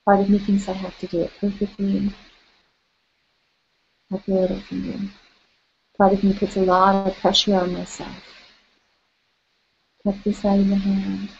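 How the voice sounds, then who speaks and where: A woman leading a guided tapping session, calling out tapping points and gently coaching listeners through spoken affirmations. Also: medium pitch, monotone, a little slow, creaky, long pauses, dull audio, slight background noise.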